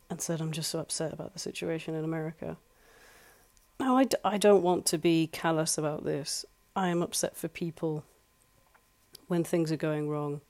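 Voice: mid-range voice, darkish tone. Earnest life coach talking. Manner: earnest, conversational, repeats points for emphasis. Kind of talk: solo advice talk. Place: home flat.

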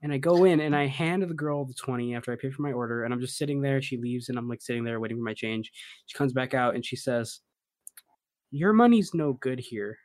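A man's voice: mid-range voice, fast talker, no room sound. Young male podcast host, casual storyteller, dry close sound. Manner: animated storyteller, rising to laughing disbelief.

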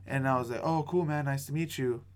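A man's voice: mid-range voice, brisk, clean tone. A young man hosting a podcast, telling a story in casual chat, rambling with lots of fillers and acting out what people said. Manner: rambling, lots of "like" and "dude", acts out quotes. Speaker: podcast host.

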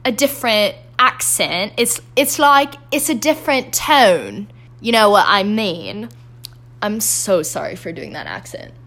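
A woman's voice: lowish voice, fairly bright tone, slight background noise. A young woman hosting her own podcast in casual solo chat, rambling and self-deprecating with lots of fillers. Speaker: podcast host.

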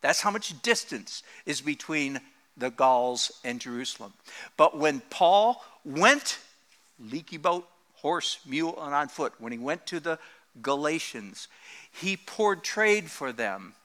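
A man delivers a sermon with a bright, forceful edge. His pitch sits high and swings widely as he jokes and laughs at his own asides. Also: takes it slowly. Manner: animated, joking, laughs often. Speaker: pastor.

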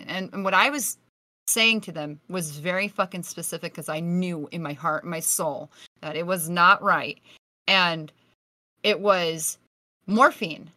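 A woman's voice: fairly low pitch, measured pace, bright, forceful tone, no room sound. A woman podcast guest telling a story in a casual, vivid way, swearing freely.

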